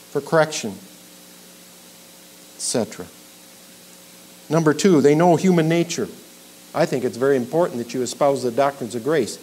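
A middle-aged male pastor preaching an expository sermon, emphatic, building to loud peaks on key points. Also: on the high side, rough recording. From Minnesota.

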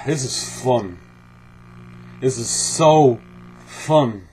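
A young man with an excitable manner and dry, self-mocking humor, commenting live on a horror game and yelping in alarm when he is caught. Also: background noise. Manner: excitable, jumps to high-pitched shouts when scared. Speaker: gaming channel host. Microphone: facecam headset or desk mic. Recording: game music heard behind the voice.

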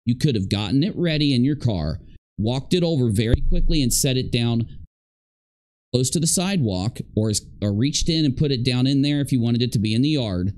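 A man's voice: mid-range voice, lively intonation, a little fast, darkish tone. A man giving indignant reaction commentary on video clips, stressing points by repeating them.

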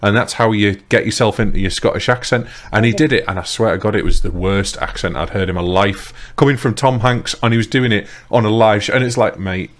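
Low-voiced man chatting on a podcast. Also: fairly quick, few pauses. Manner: rambling, animated storytelling. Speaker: podcast co-host. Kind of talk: casual chat.

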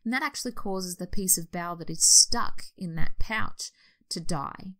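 A woman's voice: lowish voice, moderate pace, pushed and bright. An Australian woman, a nurse educator, explaining a history topic in an informal way, correcting herself as she goes. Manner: explanatory, with restarts and self-corrections.

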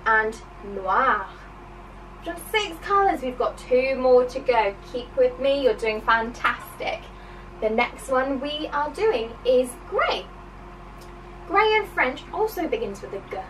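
A woman's voice: sits high, expressive, slow pace, recorded from a distance, slight background noise, poor audio. A woman teaching a children's language lesson, encouraging and sing-song, with playful praise.

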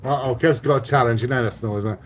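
A man's voice: mid-range voice, fast, slight background noise. An English man co-hosting a live stream in casual chat, laughing often as he reads out viewer comments.

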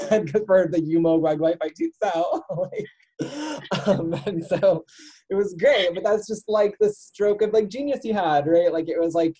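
A woman's voice: on the low side, moderate pace, dark tone, breathy edge, poor audio. A woman hosting a casual chat, talking in a loose, laughing way with many fillers. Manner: chatty, laughing, lots of likes. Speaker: podcast host.

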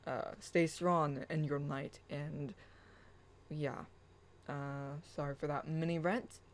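Spiritual vlogger, very slow, halting, many pauses, soft chant-like reading, mid pitch. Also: flat delivery, low-quality recording. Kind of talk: personal rant and reading own blog post aloud.

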